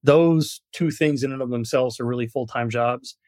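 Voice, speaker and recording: A man from New York speaking as a guest on a business podcast. He talks in an animated, storytelling way and leans on "you know" as he goes. His voice sits at a middle pitch and the sound is close and dry. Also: normal speed, no echo. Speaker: guest, product marketing director. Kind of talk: podcast interview.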